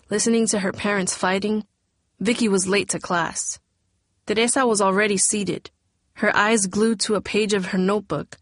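Woman narrator, mid pitch, dry booth sound, light voicing of the dialogue. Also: fairly bright tone, no room sound. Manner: reads dialogue with light character inflection. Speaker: audiobook narrator. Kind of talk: scripted narration.

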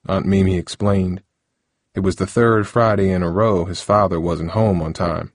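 A man narrating an audiobook in a steady, even storytelling voice. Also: low voice, moderate pace, dry recording, clean studio sound.

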